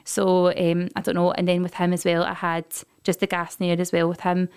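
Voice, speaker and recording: Fast-talking Scottish woman telling a story. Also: on the low side, smooth, dry recording, clean studio sound. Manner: lively storyteller, acts out quotes. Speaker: podcast guest telling her birth story. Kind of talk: casual chat.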